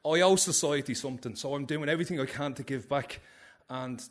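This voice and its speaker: A man with a Dublin accent telling a personal story on stage at a live story slam, animated and frank, swearing freely. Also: medium pitch, a little fast.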